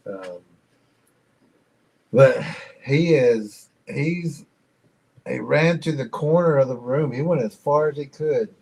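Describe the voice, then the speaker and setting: Male reaction co-host, mid-pitch, unhurried reflective commentary. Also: vocal fry, a little mellow, low-quality recording. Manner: slow, reflective, retells and explains the story.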